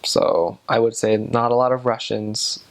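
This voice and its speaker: A man's voice: medium pitch, little pitch movement, a little slow. A young man, a returned missionary, giving a casual, rambling explanation to the camera with lots of hedging. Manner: loose, rambling talk full of hedges.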